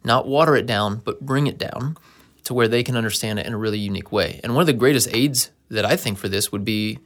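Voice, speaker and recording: A man's voice: on the low side, fast, fairly bright tone. A man in a casual conversation, telling stories in an earnest, anecdotal way.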